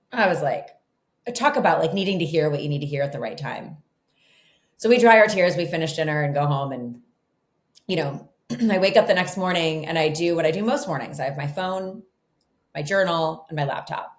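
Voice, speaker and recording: Middle-aged woman, guest author, casual and chatty, slightly low voice, roomy echo. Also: a little fast. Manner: chatty, animated, lots of "like" and "you know". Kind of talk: casual interview storytelling. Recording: echoey room.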